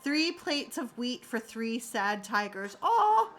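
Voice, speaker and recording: A woman's voice: fairly high pitch, big pitch swings, slow pace, fairly bright tone, soft background music. A woman streamer chatting casually with her viewers, telling stories animatedly and laughing often. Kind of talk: casual chat.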